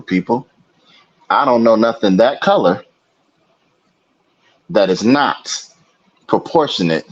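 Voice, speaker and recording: His voice is very low and husky, and this podcast co-host in his thirties talks loosely and ramblingly, full of fillers, asides and "you know what I'm saying." It's casual podcast chat picked up over a video call, with dull, lo-fi remote audio.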